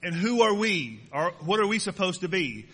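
Folksy pastor preaching in a reverberant hall. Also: male voice, sits high, very animated, moderate pace, bright, forceful tone, husky. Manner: folksy, joking asides to the congregation. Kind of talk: sermon. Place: church sanctuary.

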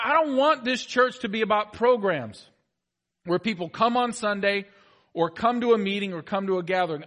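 A male pastor preaching a sermon to his congregation, animated, moving between soft asides and loud, emphatic exhortation. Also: sits high. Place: church sanctuary.

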